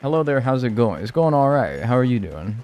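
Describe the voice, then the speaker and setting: A male streamer talking casually with his chat, jokey and animated. His pitch rises and falls a lot as he reacts, and it sits at an ordinary middle height. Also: a little fast, slight background noise. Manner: animated, joking, reads and answers chat.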